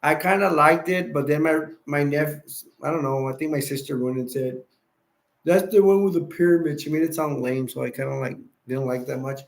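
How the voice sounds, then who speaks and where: A man's voice: medium pitch, fairly even intonation, a little fast, creaky, hardly any pauses. A man hosting a casual livestream chat, rambling and playful and laughing easily as he reads viewer comments. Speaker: livestream host. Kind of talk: casual live stream chat.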